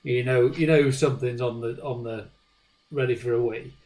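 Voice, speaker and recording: A man co-hosting a podcast, telling animated stories in casual chat. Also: mid-range voice, moderate pace, low-quality recording. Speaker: podcast co-host.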